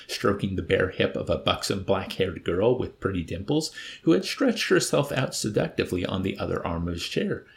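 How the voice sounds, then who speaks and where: Gravelly low-voiced male narrator. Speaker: audiobook narrator. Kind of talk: scripted narration.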